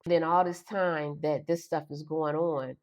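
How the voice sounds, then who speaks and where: A woman's voice: low-pitched, steady tone, unhurried, darkish tone. A middle-aged woman, emotionally retelling a childhood memory and acting out the voices in it. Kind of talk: personal storytelling.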